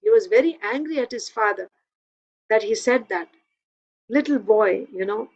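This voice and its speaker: A woman's voice: a little high, expressive, normal speed, a little mellow, highs cut off. A woman giving a devotional scripture class, telling a story in a conversational way with frequent fillers.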